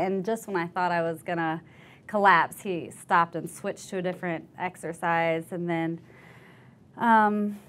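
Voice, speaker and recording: A young woman veteran with a medium-pitched voice tells her story in an oral history interview. She is candid and animated, laughs easily, and acts out other people's voices.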